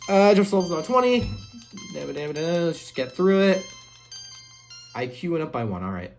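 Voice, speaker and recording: Animated woman reading game text. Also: low-pitched, fairly quick, faint music behind. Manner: animated, reacts aloud. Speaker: game streamer. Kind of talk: let's play, reading game text aloud.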